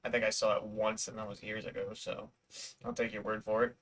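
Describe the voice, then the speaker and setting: A man's voice: on the low side, level tone, a little fast, fairly bright tone, slight background noise. Rambling casual male host. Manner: rambling, restarts, casual swearing. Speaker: channel host. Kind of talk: casual chat.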